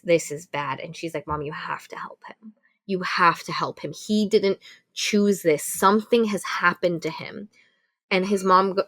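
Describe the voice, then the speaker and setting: Woman podcast co-host, casual storyteller, animated, salty language. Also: on the low side. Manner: animated retelling with profanity and acted quotes. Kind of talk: casual book review chat.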